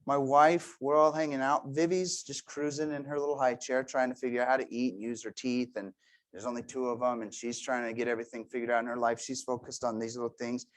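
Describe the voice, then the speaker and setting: A man in his thirties giving a motivational talk to a team, telling stories with quiet asides and sudden loud bursts. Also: medium pitch, flat delivery, fairly quick. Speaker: motivational speaker.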